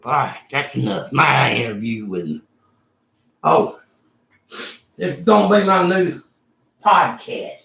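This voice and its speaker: A man's voice: mid-range voice, animated, slow pace, gravelly, pauses often, fairly bright tone, echoey room. An older man, ranting angrily and profanely in a rambling vlog monologue from a room in a retirement home. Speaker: vlogger.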